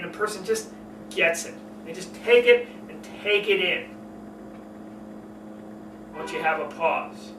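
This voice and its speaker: A man coaching on public speaking, talking expressively and showing shifts in pace and pitch as he explains. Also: roomy sound, recorded from a distance, noisy background. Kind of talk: instructional talk to camera.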